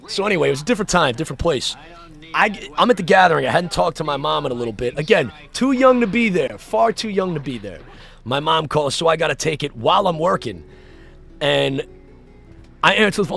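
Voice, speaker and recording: A man livestreaming, telling a story in a casual, animated way with swearing and laughing asides. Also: on the high side, normal speed, creaky, pauses often, soft background music.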